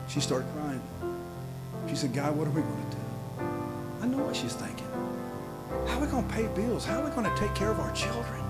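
A middle-aged pastor delivers a sermon, sinking into quiet storytelling and then rising into shouted, half-sung lines. His voice is a little high, and the recording is rough.

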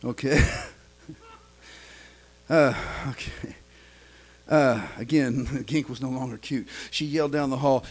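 A man's voice: mid-range voice, unhurried, long pauses, husky, poor audio. A man pastor preaching a sermon, with a chanting cadence and frequent "uh" fillers.

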